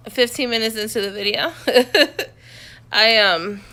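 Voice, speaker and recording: A woman's voice: on the high side, slow, sharp tone. A woman talking casually to her phone camera from her couch at home, rambling with lots of fillers and restarts. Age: adult, has a son. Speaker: vlogger. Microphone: phone on a selfie stick, close.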